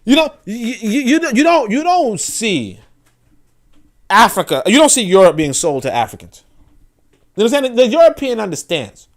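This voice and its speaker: A man hosting a podcast, giving animated, profane, casual political commentary and often repeating words as he restarts sentences. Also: extremely high pitch, normal speed. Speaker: podcast host.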